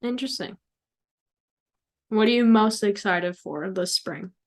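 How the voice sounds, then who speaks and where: A woman hosting a podcast in casual chat, teasing her guest with quick questions. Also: mid-range voice. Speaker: podcast host.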